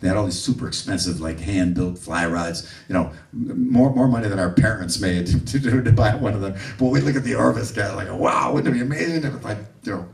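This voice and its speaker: A man giving a music clinic to a live audience, an animated storyteller who acts out the people he quotes. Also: low-pitched, fairly quick, creaky. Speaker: bass clinician. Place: room with an audience. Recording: roomy audio from a distant mic.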